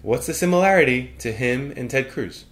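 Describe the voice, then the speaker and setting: A man co-hosting a comedy podcast, feeding deadpan leading questions in a joking chat. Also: mid-range voice, moderate pace. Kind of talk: joking conversational banter. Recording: roomy echo.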